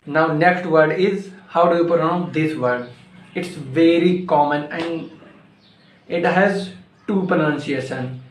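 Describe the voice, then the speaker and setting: A man teaching pronunciation, repeating single words slowly in a drill. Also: fairly high pitch. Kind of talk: pronunciation lesson to camera. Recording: echoey room.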